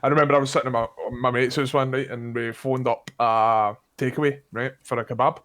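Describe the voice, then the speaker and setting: A man with a Scottish accent co-hosting a podcast, telling slangy anecdotes in an easygoing, deadpan way. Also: medium pitch, fairly quick. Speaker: podcast co-host. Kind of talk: casual chat, storytelling.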